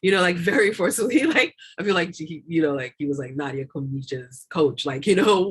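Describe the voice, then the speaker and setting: A woman's voice: on the low side, expressive, fairly quick, hardly any pauses, slightly rough. A woman doula talking as a guest in a casual interview, rambling with many fillers and repeated words, often laughing. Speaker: doula and lactation consultant, guest.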